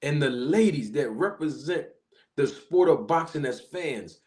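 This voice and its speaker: A man hosting a live stream, chatting casually and giving animated shout-outs to viewers. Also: fairly high pitch, measured pace. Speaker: livestream host.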